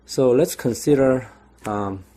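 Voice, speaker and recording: A young man giving a recorded lecture, explaining slowly with frequent pauses and restarts. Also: medium pitch, dark tone.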